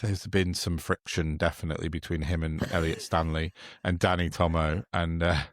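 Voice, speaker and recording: A male podcast co-host tells stories in a mocking, sweary, chatty manner during casual political talk. His deep voice keeps a level tone at a moderate pace, recorded dry with clean studio sound.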